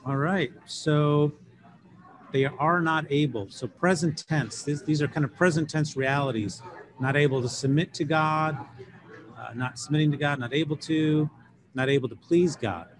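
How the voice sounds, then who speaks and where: A middle-aged man teaching a class on Greek grammar, explaining in a relaxed way with many fillers and restarts. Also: on the high side, normal speed.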